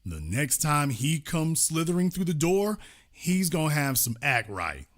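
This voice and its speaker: A man's voice: fairly high pitch, big pitch swings, measured pace. A man hosting a show who delivers a political commentary monologue in an emphatic, repetitive, preaching manner. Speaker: host.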